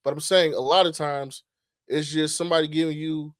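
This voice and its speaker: Animated middle-aged man, dry mic. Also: fairly high pitch, brisk, no echo. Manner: animated, swearing, trails off into restarts. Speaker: podcast co-host. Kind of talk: casual podcast chat.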